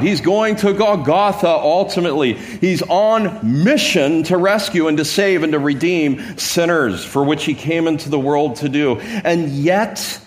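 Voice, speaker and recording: Preaching a sermon in a slightly higher-pitched voice, a male pastor acts out Gospel scenes with animated energy. He keeps restarting words in stammers, dropping to a hush and then climbing again into exclamations.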